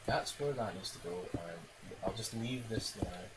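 A gaming video creator with a lowish voice speaks unhurriedly, rambling and cursing through self-deprecating gameplay commentary. He's recorded on his laptop's internal mic, and there's a loud hiss.

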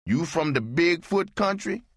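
A man doing a high, mocking Southern barfly. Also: animated, unhurried, a bit bright, no echo, clean studio sound. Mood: teasing. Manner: mocking, folksy drawl. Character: teasing male barfly with a Southern drawl.

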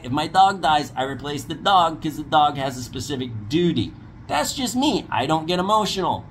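A man's voice: on the high side, fairly bright tone, a little hiss or hum. A man ranting bluntly in a commentary video, mocking others and giving safety warnings as a paramotor dealer.

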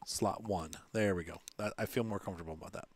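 A man's voice: low voice, fast, dry recording. A man casually commenting on his own gameplay, thinking aloud and correcting himself as he plays. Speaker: let's play host.

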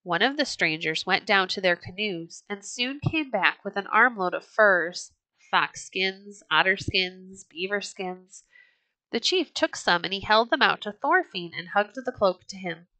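Rich: A woman reads an old storybook aloud with a gentle, measured delivery. Her voice is bright and clear, and it sits close and dry with no room sound. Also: medium pitch, animated, dry recording. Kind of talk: storybook read-aloud narration.

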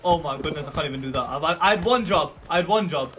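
Excitable young man with a lively voice. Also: on the high side, quick pace. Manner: excitable, swings from muttering to shouting. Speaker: gaming YouTuber. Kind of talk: live gameplay commentary. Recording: music playing under the voice.

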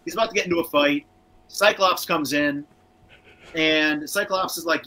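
A man's voice: a little high, normal speed, bright, forceful tone, poor audio. A man co-hosting a casual cartoon rewatch show, chatting and reading out viewer comments. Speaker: podcast co-host.

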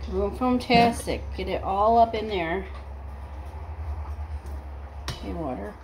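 A woman's voice: mid-range voice, takes it slowly, noisy background. A woman chatting casually through a home vlog from her kitchen, talking her way through household chores and cooking with fillers and asides. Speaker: vlogger.

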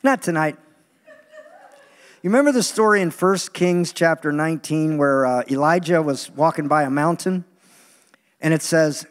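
A man preaching a sermon in an animated, joking way, acting out the voices he quotes. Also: fairly high pitch, moderate pace, in a large hall. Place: large meeting hall.

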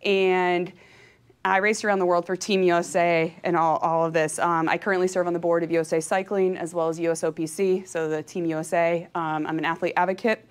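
Energetic, chatty woman giving a talk. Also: fairly low pitch, fairly quick, clear, resonant tone. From California. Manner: energetic, chatty, laughs often; emotional and openly heartfelt. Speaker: professional cyclist giving a talk. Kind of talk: motivational talk to an audience.

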